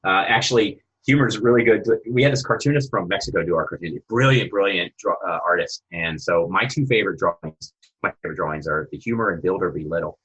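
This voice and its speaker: A man being interviewed as a guest coach developer, talking in an animated storytelling way. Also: low-pitched, fairly quick, husky, dull audio. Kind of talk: conversational interview.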